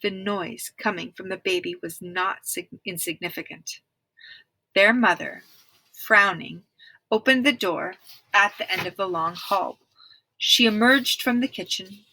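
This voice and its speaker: A woman reads a children's book aloud, telling the story clearly and expressively and occasionally addressing listeners. Her medium-pitched voice is a little slow, in a low-quality recording with no echo.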